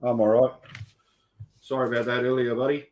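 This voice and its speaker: An Australian man hosting a casual livestream, greeting viewers one by one in a relaxed, matey way. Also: mid-range voice, fairly quick. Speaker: host.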